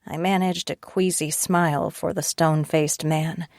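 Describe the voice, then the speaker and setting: A woman narrating a first-person audiobook with a low voice and a wry, tense inner monologue. She sits close to a studio mic, in a dry recording with no room sound. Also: steady tone, a little slow, darkish tone, dry recording.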